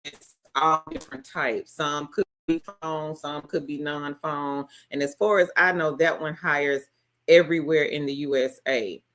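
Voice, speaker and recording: A woman's voice: low-pitched, steady tone, unhurried, fairly bright tone. A woman hosting a casual live stream, greeting each viewer by name and reading out their comments.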